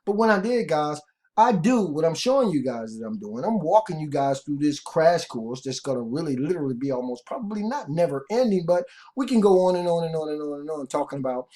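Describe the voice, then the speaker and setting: A man's voice: a little high, a little mellow. A man hosting an online marketing video, talking casually to viewers in a rambling way, with repeated words and frequent asides to "guys". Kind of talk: casual tutorial talk to camera.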